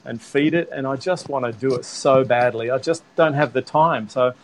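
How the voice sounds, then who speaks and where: An Australian man, a livestreamer guest, chatting on a panel in an enthusiastic, emphatic way. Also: mid-range voice. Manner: enthusiastic, emphatic, quick bursts of laughter. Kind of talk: casual panel chat.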